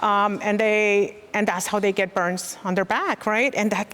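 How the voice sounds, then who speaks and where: A woman's voice: mid-range voice, steady tone, measured pace, fairly bright tone. A woman in her forties, a child protective services worker, giving an earnest, reflective personal testimony. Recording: long reverb.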